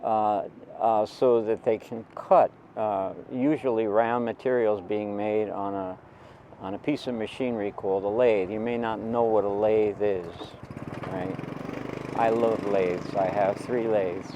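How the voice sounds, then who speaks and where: A man's voice: fairly low pitch, fairly even intonation, measured pace, warm tone, highs cut off, slight background noise. A man in his seventies telling a personal story in a rambling, digressive way, with asides to the listener.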